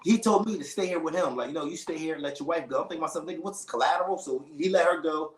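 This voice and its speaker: Man, casual storyteller, high-ish voice, animated, slangy, echoey room. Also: racing. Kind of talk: casual chat.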